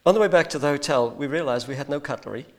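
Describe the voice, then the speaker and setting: Gravelly man telling a rambling anecdote. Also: on the high side, racing. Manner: rambling, hesitant, with many ums and restarts. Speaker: speaker sharing a personal testimony. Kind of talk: anecdotal storytelling with a spiritual point.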